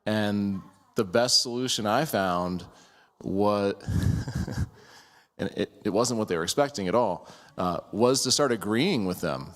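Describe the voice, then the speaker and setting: A man's voice: lowish voice, slow pace, in a large hall. A man in casual conversation telling a personal story, hesitant with stammered restarts. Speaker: group member sharing a story.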